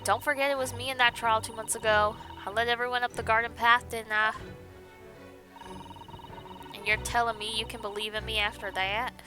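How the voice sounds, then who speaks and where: A woman's voice: a little high, flat delivery, moderate pace, over music, natural voice. A woman voicing a defiant young pickpocket, sneering and scoffing. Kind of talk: game dialogue read aloud.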